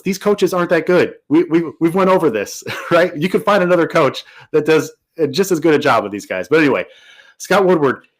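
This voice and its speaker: A man co-hosting a podcast, telling a sports story in an animated, emphatic way. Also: on the high side, low-quality recording. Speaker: podcast co-host. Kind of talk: casual sports talk.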